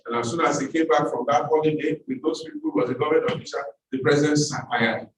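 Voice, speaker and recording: A man's voice: on the high side, fairly even intonation, fast talker, a little hiss or hum. A man with a Nigerian accent giving a seminar talk, telling a story with emphatic repetition. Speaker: seminar speaker. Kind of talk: storytelling speech. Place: seminar hall. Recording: echoey hall, speaker far from mic.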